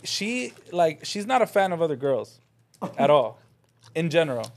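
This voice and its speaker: Laid-back man with a lively pitch. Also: normal speed, creaky. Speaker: podcast co-host. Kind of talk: casual chat.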